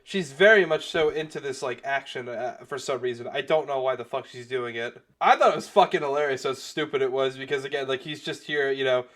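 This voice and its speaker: A man's voice: mid-range voice, brisk, few pauses, a bit bright. A young man giving casual commentary on a video, rambling with lots of fillers and restarts and swearing freely. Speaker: commentary youtuber.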